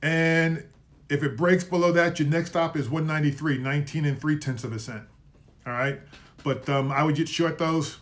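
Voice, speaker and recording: A man's voice: a little high, steady tone, normal speed. A man hosting a live market commentary stream, casually going over trades and price levels, often correcting his own slips. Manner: casual, self-correcting, trips over words; recaps trades with repeated levels and calls.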